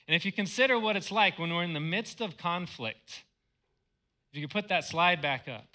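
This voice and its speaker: A man delivers a sermon as a pastor, earnest and stressing his points by repeating words. His voice is very bright and clear, sitting a touch high for a man. He is preaching in a church.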